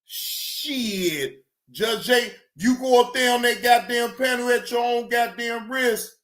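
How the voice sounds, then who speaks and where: Loud cursing man, echoey room. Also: very high voice, slow. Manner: shouting, cursing, mimicking chat. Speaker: streamer reacting to clips. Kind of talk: loud profane livestream rant.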